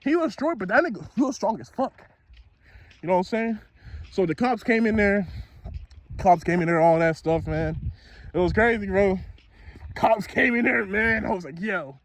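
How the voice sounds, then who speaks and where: A man's voice: high-pitched, expressive, moderate pace, long pauses. A young man telling a story from his school days in a casual, slangy, profane way, speaking outdoors.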